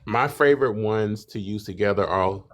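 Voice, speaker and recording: A man's voice: on the low side, normal speed. A man co-hosting a live stream in casual chat, playful, who acts out quotes in a raised voice. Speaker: livestream co-host.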